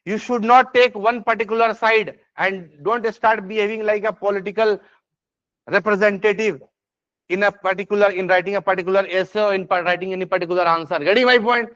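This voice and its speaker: A man's voice: high-pitched, steady tone, a little fast, fairly bright tone, no room sound. A man with an Indian English accent teaching an exam essay lecture, checking often whether students follow. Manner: repeats "yes or no?" and "is this part clear?" checks; many fillers and restarts, emphatic. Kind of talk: classroom lecture. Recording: dry, slightly dull lo-fi sound.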